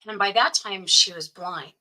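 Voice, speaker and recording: A woman's voice: mid-range voice, moderate pace, pushed and bright, low-quality recording. A middle-aged woman earnestly recounting a personal story as an interview guest, with many "you know" fillers. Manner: earnest, frequent "you know" fillers, quotes others in dialogue. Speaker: guest sharing her story.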